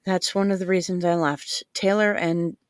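A woman voicing a young, highly trained female agent who speaks evenly while frustrated. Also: normal speed, dry recording, studio quality, lightly acted. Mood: venting. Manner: even, frustrated.

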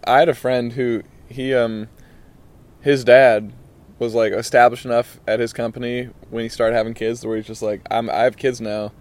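A man's voice: medium pitch, flat delivery, normal speed. Chill young guy hosting a podcast, rambles a bit, keeps saying man. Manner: laid-back, rambling, says "man" a lot. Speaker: podcast host. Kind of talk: casual podcast interview.

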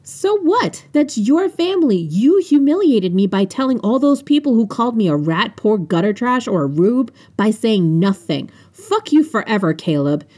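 A woman's voice: on the high side, big pitch swings, moderate pace, few pauses, mellow, slightly rough, pitched above the performer's own voice. A woman voicing a hurt young woman arguing heatedly, in an audiobook reading. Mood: angry. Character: hurt, angry young woman holding back tears.

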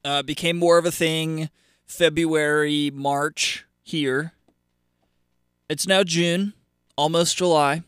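A man's voice: on the high side, fairly even intonation, slow pace, long pauses, a bit bright, clear, resonant tone, no echo, clean studio sound. A man hosting a casual solo radio show, rambling and sarcastic, with lots of fillers and restarts.

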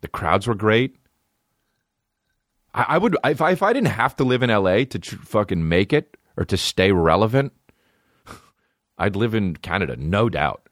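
Profane, animated male comedian ranting. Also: fairly low pitch, moderate pace, long pauses, no echo, clean studio sound. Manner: profane, rambling, animated rants. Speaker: comedian podcast host. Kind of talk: casual comedy podcast monologue.

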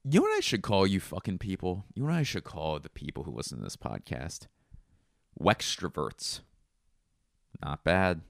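A man's voice: deep voice, huge pitch swings, moderate pace, vocal fry, dry recording, studio quality. A young man hosting a solo comedy podcast, rambling through crude, self-mocking riffs. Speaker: podcast host.

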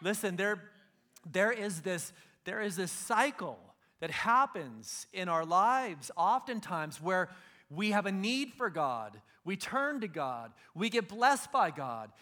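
Bright, high-voiced man preaching casually. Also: very animated, slow. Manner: casual storytelling, acts out biblical figures in slang. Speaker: pastor. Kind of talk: sermon.

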